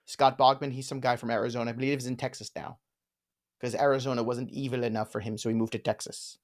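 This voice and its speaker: A man's voice: medium pitch, little pitch movement, quick pace. A man hosting a live fantasy football show, joking around and riffing on names in casual chat. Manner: playful, jokey, riffs on names.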